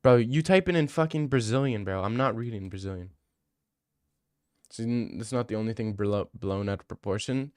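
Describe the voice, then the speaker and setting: A man's voice: medium pitch, expressive, moderate pace, long pauses, clean tone, dry recording, studio quality. A young man streaming casually, answering viewer messages in a crude, rambling, joking way.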